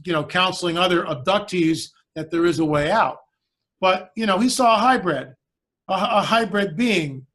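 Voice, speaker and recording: Speaking as a conversation guest, a high-voiced man shares a story with lively energy. Whenever the characters speak, he acts their quotes out.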